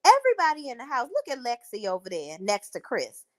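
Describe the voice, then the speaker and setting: A woman's voice: a little high, huge pitch swings, a little fast, fairly bright tone. A woman giving blunt, opinionated reality TV recap commentary as a vlogger.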